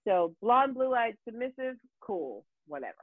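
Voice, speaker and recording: A woman telling a story in casual talk, animated and profane, with many fillers and restarts. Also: a little high, a little slow, no echo. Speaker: guest. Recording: tinny phone-like dry sound.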